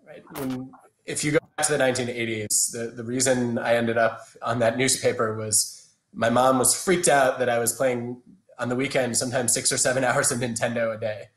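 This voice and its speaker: A man's voice: medium pitch, a bit bright, reverberant. A man in his thirties giving thoughtful, explanatory answers as an interview guest, with frequent restarts, over a video call. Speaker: guest, organizational psychologist.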